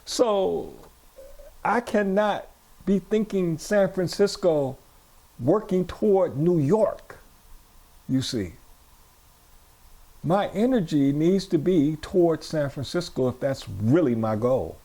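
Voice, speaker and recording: A man's voice: fairly high pitch, animated, slow pace, pauses often, mellow. A male pastor giving a sermon, repeating phrases and asking his congregation questions. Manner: repetitive, call-and-response preaching. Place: church.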